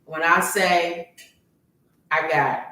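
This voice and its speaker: A woman co-hosting a podcast, telling a personal story in casual chat and jumping high in pitch when she quotes her own panic. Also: fairly even intonation, drawn-out words, sharp tone, slight background noise. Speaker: podcast co-host. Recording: roomy echo, far from the mic.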